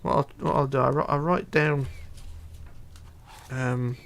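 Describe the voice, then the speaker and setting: Man, gravelly voice, casual live-stream chat, halting, reads questions aloud, desk mic. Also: medium pitch, steady tone, fairly bright tone.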